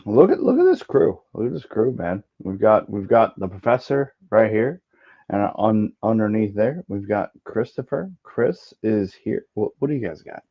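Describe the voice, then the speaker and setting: Lower-voiced man hosting a betting podcast. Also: moderate pace. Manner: loose, joking, stumbles over words. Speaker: podcast host. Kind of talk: casual sports betting podcast chat. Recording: slightly dull lo-fi audio.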